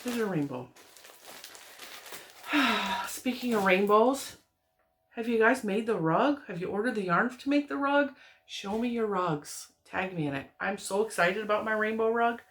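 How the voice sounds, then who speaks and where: A woman's voice: mid-range voice, a little slow. A woman crochet vlogger, perhaps in her thirties, chatting at home in a rambling, giggly way as she tells family stories. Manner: rambling, giggly, animated retelling with frequent laughs. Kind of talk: casual chatty storytelling.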